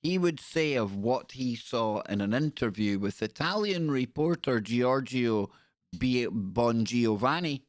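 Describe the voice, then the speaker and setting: A man's voice: medium pitch, lively intonation, unhurried, dry recording. A man hosting a livestream, narrating casually in a chatty way and stumbling over foreign names with self-mocking asides. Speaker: livestream host. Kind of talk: casual live-stream narration.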